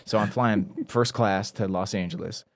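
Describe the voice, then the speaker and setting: A man in his thirties, a guest actor, telling animated stories in a casual podcast chat. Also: lowish voice, normal speed, creaky, dry recording. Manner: animated storyteller who acts out quoted people.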